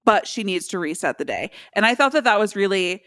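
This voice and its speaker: A woman co-hosting a podcast, talking through a movie in relaxed casual chat, with lots of filler likes. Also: medium pitch, fairly quick, dry recording, clean studio sound. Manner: chatty and reflective, many filler likes. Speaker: podcast co-host. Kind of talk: casual chat about a film.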